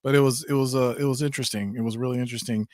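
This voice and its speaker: Soft-spoken hesitant man, dry close sound. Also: medium pitch, steady tone, no echo. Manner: halting, restarts often, soft-spoken. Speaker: guest. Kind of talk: casual interview answers.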